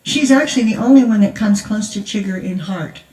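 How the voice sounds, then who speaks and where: An older woman, a grandmother, tells a story as testimony at a conference, chatty and laughing, in a mid-range voice that is brisk and mellow. The recording comes from a large church hall, echoey, with her voice far from the mic.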